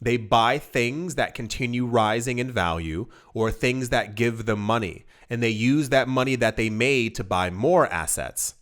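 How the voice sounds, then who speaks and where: A man's voice: medium pitch, a bit bright. A man hosting a casual video, talking straight to camera with emphatic, repetitive phrasing and lots of restarts. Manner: emphatic, repeats words and stumbles, acts out quoted voices. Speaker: crypto video host. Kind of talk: casual direct-to-camera commentary.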